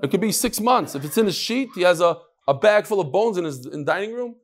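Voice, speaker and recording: A man giving a casual Talmud lesson, explaining the text and telling jokes with animated storytelling. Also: brisk. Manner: animated storytelling, lively shifts in pitch. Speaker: Talmud teacher.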